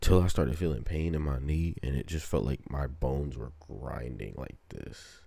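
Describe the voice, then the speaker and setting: A man's voice: very deep voice, moderate pace, creaky, mellow. A young man telling stories in casual podcast chat, slangy and profane, often quoting himself. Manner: slangy, profane storytelling with quoted asides. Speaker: podcast co-host.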